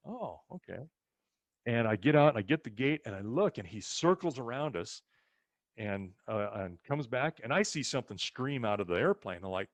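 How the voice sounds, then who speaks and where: A man's voice: mid-range voice, normal speed, no room sound. A man telling casual family stories as a ranch co-host, acting out other people's lines as he goes. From rural western United States. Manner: animated storyteller who acts out other people's lines. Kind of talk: casual storytelling chat.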